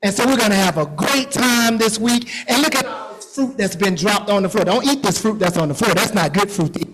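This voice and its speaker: A man playing a cheerful, excitable grapevine mascot who playfully quizzes and teases a crowd of children in a church hall. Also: high-pitched, fairly quick, noisy background, lightly acted. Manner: playful, teasing, quizzing kids. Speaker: costumed character at kids' Bible school.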